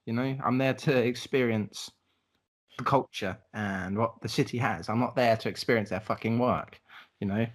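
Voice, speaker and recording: A young man in relaxed podcast chat, his voice at an everyday middle pitch. He rambles through travel stories and swears casually. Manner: laid-back storytelling, swearing, acts out voices. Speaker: podcast co-host.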